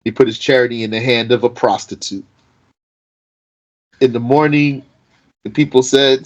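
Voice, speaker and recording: A man teaching an informal Arabic grammar lesson. He speaks slowly and deliberately, reciting Arabic text and then explaining it in English. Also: medium pitch, steady tone, low-quality recording.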